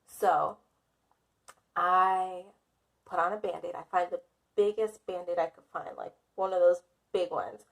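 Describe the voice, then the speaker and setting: A woman's voice: fairly low pitch, measured pace, gravelly, pauses often. Woman vlogger, dramatic storyteller who pokes fun at herself. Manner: dramatic and self-mocking, laughs often. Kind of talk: casual storytime.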